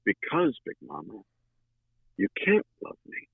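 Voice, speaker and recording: A man voicing a sad, self-doubting man who speaks quietly and slowly. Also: lowish voice, huge pitch swings, vocal fry, husky, dry recording, full character voice. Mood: hushed sad. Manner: quiet, slow, withdrawn. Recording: tinny phone-like line.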